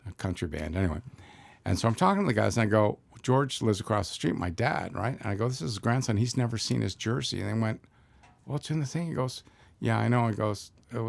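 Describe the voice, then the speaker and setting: A man's voice: fairly low pitch, gravelly, darkish tone, dry recording. An older man from Canada telling rambling family stories in casual chat, acting out quotes as he goes. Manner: rambling anecdotes with acted-out quotes. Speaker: guest.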